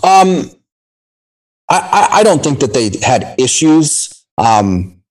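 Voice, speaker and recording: A man's voice: mid-range voice, very animated, slow, darkish tone, poor audio. A man in casual conversation, telling intense stories and swearing often. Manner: intense storytelling, heavy swearing.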